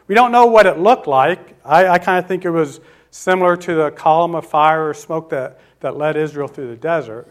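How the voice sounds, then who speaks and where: The preacher is a man whose voice sits high; he asks questions of his listeners, answers them himself and slows down to emphasize key words in his sermon.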